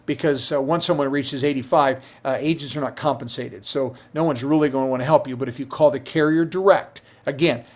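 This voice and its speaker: A man's voice: medium pitch, fairly even intonation, brisk, few pauses, a little mellow. A middle-aged man who works as a Medicare insurance agent, answering viewer questions on a live stream in a conversational way, with many fillers and restarts.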